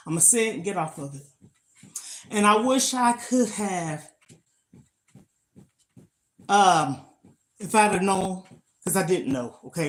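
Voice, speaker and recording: Older lady chatting on a live stream mid-workout, emphatic, all about motivating ppl. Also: medium pitch. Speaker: lifestyle vlogger. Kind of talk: casual live-stream chat while exercising.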